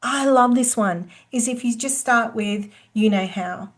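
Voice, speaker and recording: A woman presenting a workplace skills webinar, teaching in a lively way and acting out quoted lines of dialogue. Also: on the high side, unhurried.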